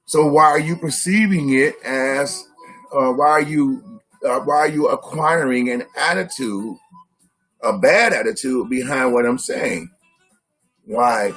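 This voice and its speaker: A husky-voiced man co-hosts a live-stream discussion at a middle pitch. He teaches by firing off rhetorical questions. Faint music plays behind him. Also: fairly bright tone.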